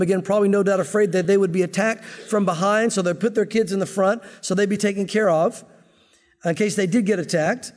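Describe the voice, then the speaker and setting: A man's voice: high-pitched, fairly even intonation, fairly quick, darkish tone, long reverb tail. A middle-aged male pastor giving an expository sermon in an earnest, conversational teaching manner.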